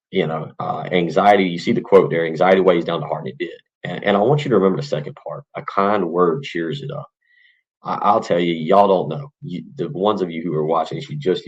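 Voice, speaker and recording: A man's voice: a bass voice, breathy edge, highs cut off. A man, hosting a casual morning podcast in an earnest, rambling way. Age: 40s. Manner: earnest, rambling, with many restarts and fillers. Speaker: podcast host.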